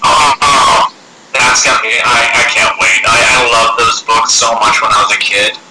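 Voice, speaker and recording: A man's voice: medium pitch, normal speed. A man being interviewed as an actor, chatting casually and acting out voices as he tells stories, laughing often. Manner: animated storyteller, acts out voices, laughs often. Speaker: actor guest. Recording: echoey room, loud background noise.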